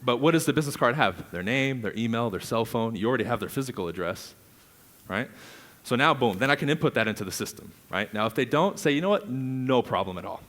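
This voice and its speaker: Laughing frequently and playing out conversations with clients, a man with a medium-pitched voice energetically coaches a live audience on prospecting in real estate. He speaks at a quick pace in this seminar-style teaching.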